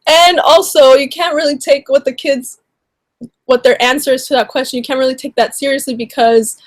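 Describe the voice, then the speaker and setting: Woman vlogger, fairly high voice, indignant, rambling commentary, dry sound. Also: fairly even intonation, normal speed, no echo. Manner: indignant, rambling, heavy on "like" and "you know". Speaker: YouTuber. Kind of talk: casual commentary vlog.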